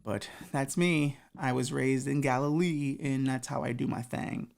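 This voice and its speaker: A woman's voice: rumbling low, steady tone, a little slow, vocal fry, full character voice. A woman voicing a crude, slangy male Jesus with a short temper. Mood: casual. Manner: slangy, swearing, rising to angry shouts.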